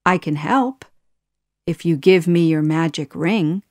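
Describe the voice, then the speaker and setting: A woman's voice: deep voice, slow, no room sound, studio quality. Jafar, a woman doing a smug scheming sorcerer. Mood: sly. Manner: smug, commanding. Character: scheming male sorcerer advisor.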